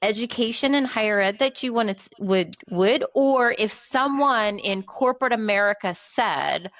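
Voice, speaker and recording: Brief: female interview host, conversational and affirming, mid-pitched, slightly muffled recording. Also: animated, normal speed, hardly any pauses, a bit bright, no room sound. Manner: conversational, affirming, asks questions. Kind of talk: casual interview chat. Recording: dull, slightly lo-fi sound.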